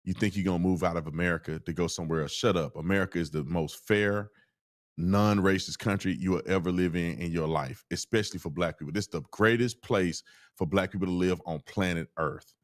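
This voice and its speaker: A man's voice: deep voice, brisk. A man hosting a show, giving casual commentary in a mocking, scornful way. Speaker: host.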